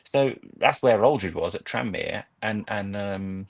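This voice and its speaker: A man's voice: fairly low pitch, measured pace. A man in his thirties, a podcast guest chatting casually and telling long, rambling, nostalgic football stories. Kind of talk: casual chat.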